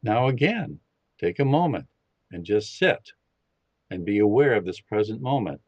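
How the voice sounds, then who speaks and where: A man on a podcast who guides listeners through a meditation, speaking in a calm, slow and instructive way. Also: on the low side, no echo. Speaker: podcast guest leading a meditation. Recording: dull lo-fi, dry sound.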